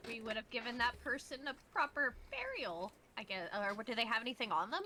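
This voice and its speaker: Wry woman player with a bright voice. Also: fairly high pitch, big pitch swings, fairly quick, a little hiss or hum. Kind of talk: casual game-table banter.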